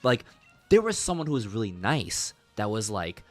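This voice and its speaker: A man streaming a game while telling a long story in an animated, chatty way, laughing often, swearing, and leaning on lots of fillers. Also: fairly low pitch, normal speed, dry recording, faint music behind. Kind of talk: casual storytelling while gaming.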